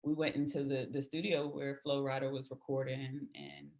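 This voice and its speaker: Woman telling animated anecdotes on a podcast. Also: rumbling low, moderate pace. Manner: animated anecdotes acting out quoted voices. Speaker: podcast guest. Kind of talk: casual storytelling.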